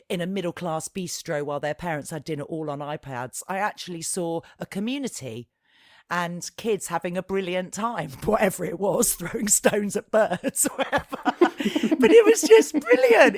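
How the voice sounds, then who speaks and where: A woman's voice: fairly low pitch, no echo, studio quality. Chatty Southern English woman in her forties. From London. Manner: rambling, animated, laughing storyteller. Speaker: podcast co-host. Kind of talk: casual chat.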